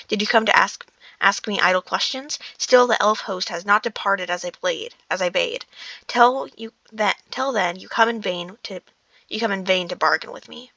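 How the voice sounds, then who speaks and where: A woman's voice: mid-range voice, normal speed, pushed and bright, no room sound. A woman reading the lines of a proud, wrathful male dwarf king, heated and stumbling over words, with a dull lo-fi sound.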